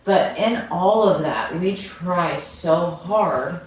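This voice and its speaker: Podcast host, woman, emphatic and unhurried, lowish voice, distant mic in a reverberant room. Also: expressive. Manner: emphatic, talks of family and home. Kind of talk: casual chat. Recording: echoey room, far from the mic.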